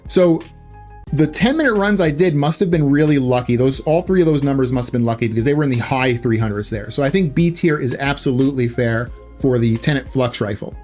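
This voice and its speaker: A man's voice: medium pitch, fairly quick, darkish tone, faint music behind. A man giving casual gameplay commentary in a chatty way, correcting himself often with loose filler words. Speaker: gaming YouTuber.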